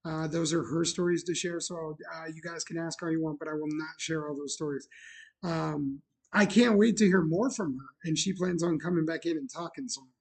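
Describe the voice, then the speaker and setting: Husky high-voiced man rambling on a stream. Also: brisk. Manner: rambling, warm storytelling with many fillers and restarts. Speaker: bar owner and show host. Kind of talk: casual livestream talk.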